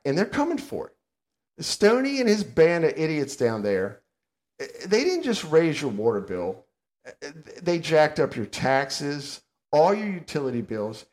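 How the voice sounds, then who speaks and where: A man's voice: a little high, darkish tone. An older man, co-hosting a casual podcast and ranting bluntly and sarcastically. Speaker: podcast co-host.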